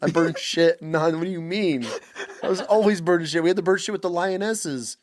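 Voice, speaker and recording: A man's voice: on the high side, a little fast, dry recording, clean studio sound. A man, a podcast guest, reminiscing about service life in a loose, swearing, laugh-filled chat. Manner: animated, swears, laughs often. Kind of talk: casual chat.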